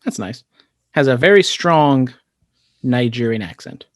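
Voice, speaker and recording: Measured man co-hosting a podcast. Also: mid-range voice, expressive, no echo, studio quality. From California. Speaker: podcast co-host. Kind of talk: casual podcast chat.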